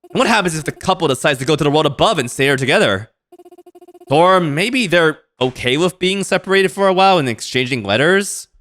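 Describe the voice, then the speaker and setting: A man's voice: high-pitched, fairly bright tone, voice pushed up. A man voicing an exasperated, foul-mouthed young woman in a game, scornful and swearing.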